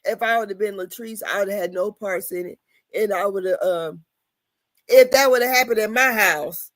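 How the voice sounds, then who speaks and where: A woman's voice: mid-range voice, normal speed, no room sound. A woman co-hosting a casual reality-TV recap podcast who is losing her voice and hammers home her point with repeats and fillers. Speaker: podcast co-host.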